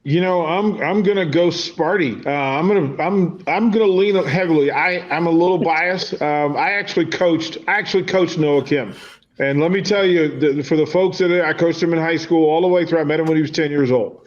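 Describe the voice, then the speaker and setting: Male guest, eager and sincere, slightly high, muffled lo-fi audio. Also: brisk, hardly any pauses. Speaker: podcast guest. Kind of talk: casual panel chat.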